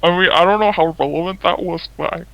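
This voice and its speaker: A man's voice: high-pitched, fast talker, vocal fry, bright, forceful tone, no echo, poor audio. A man, the anonymous guest, telling a personal story casually with lots of fillers and swearing. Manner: fillers and swearing, acts out quoted lines. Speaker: anonymous interviewee.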